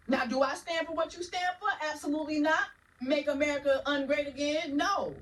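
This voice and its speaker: A woman telling a casual story in an animated way, swearing for emphasis. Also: sits high, normal speed, far from the mic, a little hiss or hum, poor audio.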